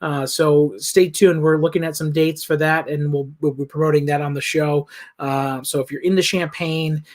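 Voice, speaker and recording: A man's voice: fairly high pitch, steady tone, normal speed. A man co-hosting a casual wine shop livestream, talking in a rambling way with many fillers and restarts.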